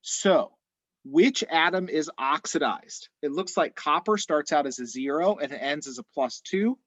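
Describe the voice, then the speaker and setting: A man teaching chemistry in an online class, explaining methodically step by step, his voice a little hoarse. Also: fairly high pitch, normal speed, fairly bright tone, no room sound. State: slightly hoarse. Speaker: chemistry instructor.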